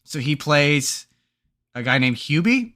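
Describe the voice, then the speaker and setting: Rambling bright-voiced male podcast host. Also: on the high side, big pitch swings, slow. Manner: rambling, many fillers and restarts. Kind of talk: casual chat.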